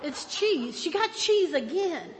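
A woman's voice: extremely high pitch, big pitch swings, takes it slowly, big-room sound, a faint crowd, pitched above the performer's own voice, heavily acted. A woman doing an amused, doting God. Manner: laughing, fond teasing. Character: amused, loving male God watching her.

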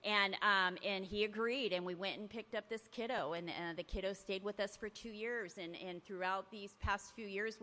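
Bright-voiced woman sharing her story. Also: mid-range voice. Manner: earnest storytelling that acts out remembered talk. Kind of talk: personal testimony to a recovery meeting. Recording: long hall reverb.

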